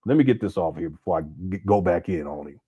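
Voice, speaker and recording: A man's voice: sits low, lively intonation, fast, dark tone, slightly rough, highs cut off. A man hosting a casual live commentary stream, mocking a clip he is reacting to and laughing often. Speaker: commentary channel host.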